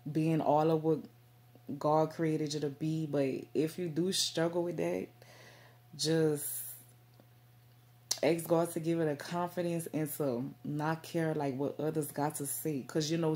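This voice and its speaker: A woman's voice: low voice, mellow. A woman talking casually to her camera about faith, rambling with many fillers and repeats. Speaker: faith vlogger.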